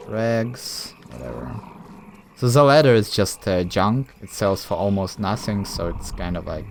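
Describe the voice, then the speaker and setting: A man's voice: on the low side, animated, measured pace, a little hiss or hum. A man casually commenting while playing a video game, rambling and thinking aloud with lots of fillers. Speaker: gameplay commentator. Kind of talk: casual let's-play commentary.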